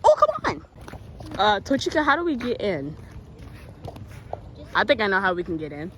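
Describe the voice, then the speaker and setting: A woman's voice: mid-range voice, very animated, normal speed, a bit bright, slight background noise, poor audio. A woman giving playful, dramatic commentary on a game video, giggling, squealing and bossing her friend around. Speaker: gaming video creator.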